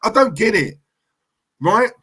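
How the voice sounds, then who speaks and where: A man's voice: high voice, expressive, slow pace, pushed and bright, slightly rough. A man ranting to camera as a football fan vlogger, heated and emphatic, repeating himself for effect.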